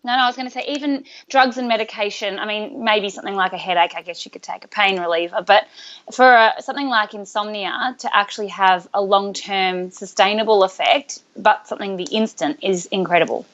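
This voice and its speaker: A woman co-hosting a podcast, reacting quickly with comments during a casual interview. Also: medium pitch, fairly bright tone, dull audio. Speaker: podcast co-host.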